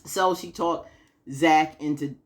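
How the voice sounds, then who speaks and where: A woman's voice: low-pitched, fairly even intonation, takes it slowly. A woman chatting casually through a TV episode recap, acting out the characters' lines with frequent laughs. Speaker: TV recap vlogger.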